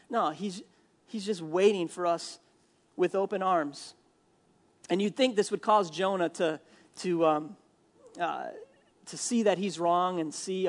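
A male pastor from Minnesota preaching a sermon in a church, animated and jokey, acting out the people he quotes. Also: sits high, normal speed. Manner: animated, jokey asides, acts out quoted lines.

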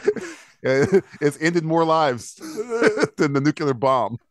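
A man's voice: a little high, huge pitch swings, slow, dry recording, studio quality. A man co-hosting a podcast in casual chat, teasing and laughing often. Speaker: podcast co-host.

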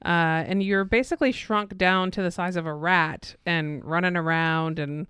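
A woman's voice: on the low side, normal speed, a bit bright, clear, resonant tone, no echo, clean studio sound. A woman co-hosting a casual chat show, chatty and prone to losing her words and laughing. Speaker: podcast co-host. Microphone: looking at her phone while talking.

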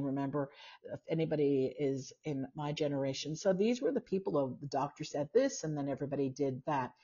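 A woman's voice: low voice, a little mellow, husky. A woman in her sixties hosting a casual live-stream talk, musing aloud with many fillers and asides. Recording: dull lo-fi sound.

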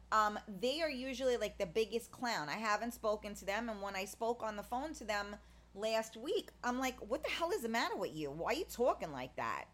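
Chatty, rambling woman, somewhat high voice. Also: a bit bright. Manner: chatty and rambling, many fillers and restarts; candid, blunt, swears in passing. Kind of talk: casual monologue.

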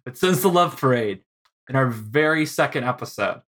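A man's voice: mid-range voice, expressive, normal speed, fairly bright tone. A man hosting a film podcast, chatting playfully and laughing often as he runs through award stats. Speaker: podcast host. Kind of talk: casual podcast chat.

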